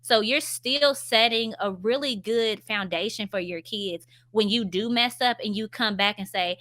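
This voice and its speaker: A woman's voice: mid-range voice, unhurried, few pauses, a bit bright. A woman in her thirties, a stay-at-home mom, chatting candidly in a casual vlog about parenting, with frequent filler words.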